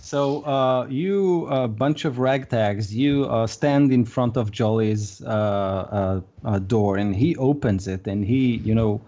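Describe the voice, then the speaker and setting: A man runs a tabletop game as game master, narrating in a halting way with many pauses. His voice is mellow and dark. The recording sounds dull and lo-fi. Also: mid-range voice. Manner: halting, full of "uh" and restarts.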